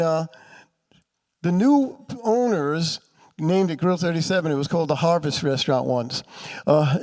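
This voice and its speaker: Chatty New man, high voice. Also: a little mellow. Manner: chatty storyteller, acts out quoted voices. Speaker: paranormal author and speaker. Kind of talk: live talk to an audience. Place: festival room with audience.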